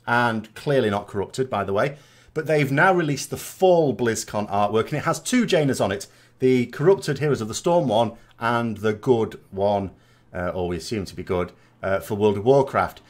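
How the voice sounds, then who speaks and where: A British man, a gaming vlogger, chats casually while reading out viewer comments and answering them with rambling asides and tag questions. His medium-pitched voice is expressive and at normal speed.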